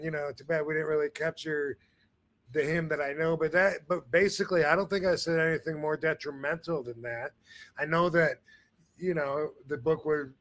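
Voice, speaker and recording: A podcast host chats casually, rambling with lots of fillers and restarts. His voice sits on the high side with a fairly bright tone.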